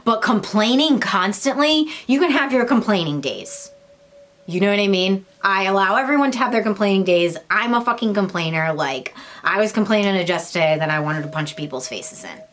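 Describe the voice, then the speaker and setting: A young woman talks straight to her viewers about spiritual growth in a relaxed vlog manner. She is blunt and swears freely, her voice sitting in an ordinary middle range. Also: mid-range voice, a little fast. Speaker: spiritual vlogger. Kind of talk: casual spiritual talk to camera.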